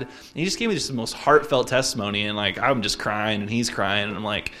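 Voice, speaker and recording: A man in his twenties from Utah, telling a personal story in a casual, reflective way, halting often with fillers and restarts. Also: on the low side, sharp tone.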